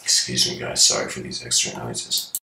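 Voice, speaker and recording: Low-voiced male spiritual lecturer, bright forceful tone, relaxed storytelling, roomy echo. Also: moderate pace, vocal fry. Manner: loose, conversational storytelling with asides to listeners. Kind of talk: casual spiritual talk.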